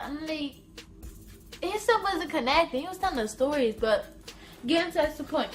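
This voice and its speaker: High-voiced woman telling an animated story. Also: normal speed, soft background music. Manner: animated, slangy, repetitive storytelling. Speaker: vlogger. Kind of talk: casual storytime.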